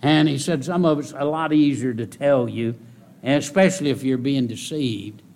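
A man preaching a sermon in a folksy way, repeating key phrases and rising into loud exhortation. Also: moderate pace. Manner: rises to loud, high-pitched exhortation. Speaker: pastor.

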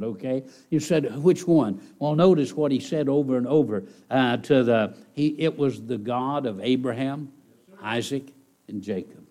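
Male preacher, middle-aged, sermon delivery, emphatic and repetitive, slightly high-pitched voice. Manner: emphatic, repetitive preaching with dramatic slowdowns and surges.

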